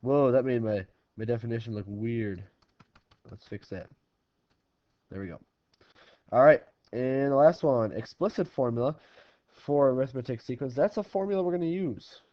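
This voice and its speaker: A man's voice: medium pitch, normal speed, long pauses, no echo. A male math teacher works through examples at an easy, conversational pace, talking through each step. His voice sits in a middling range. The recording is dry with no room sound and slightly muffled, lo-fi quality. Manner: casual, talks through problems step by step. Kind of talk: recorded classroom lesson.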